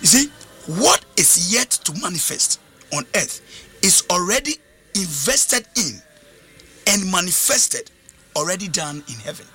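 Emphatic preacher, high and lively. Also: male voice, measured pace, breathy edge. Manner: emphatic, repeats phrases. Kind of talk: sermon with interpreter.

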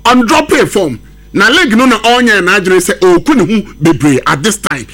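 Animated man, football pundit. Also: high-pitched. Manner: emphatic, animated, mixes English with Twi. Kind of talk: sports radio discussion.

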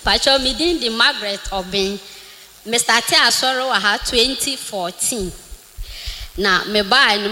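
A woman giving an earnest, deliberate church testimony. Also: a little high, sharp tone, long reverb tail.

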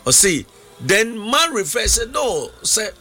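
A man's voice: high-pitched, very animated, slow, pushed and bright, breathy edge. A man with a Ghanaian accent preaching alongside another, echoing and finishing lines in English and Twi. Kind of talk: sermon.

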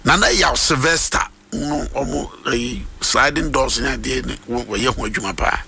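A man's voice: medium pitch, normal speed, vocal fry, crowd noise. A man with a Ghanaian accent hosting a radio morning prayer segment, speaking with a fervent, preacher-like delivery and switching between Twi and English. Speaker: radio host.

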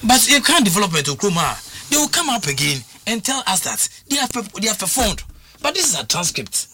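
A man's voice: high voice, sing-song, a little fast, pushed and bright. A man with a Ghanaian accent talking football on a radio sports show, emphatic and repetitive as he drives his points home. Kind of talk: sports talk radio discussion.

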